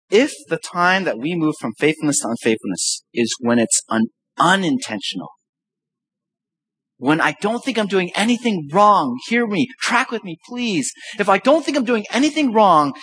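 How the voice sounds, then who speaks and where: A man preaching a sermon as pastor, reading scripture aloud and explaining it with emphatic, animated delivery and rhetorical questions. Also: high-pitched, moderate pace, slightly rough, low-quality recording.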